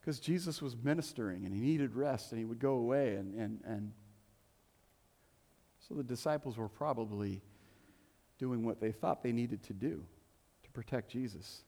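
With a mid-range, slightly mellow voice, a man delivers a sermon from a church sanctuary as its pastor. His style is easygoing and humorous, full of playful asides, and the church hall's long reverb surrounds him.

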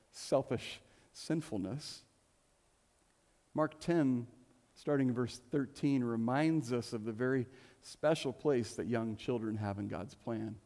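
A man's voice: mid-range voice, warm tone. A middle-aged man preaching a sermon, telling a story with humor and often repeating words as he goes. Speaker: pastor. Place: church hall. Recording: long hall reverb.

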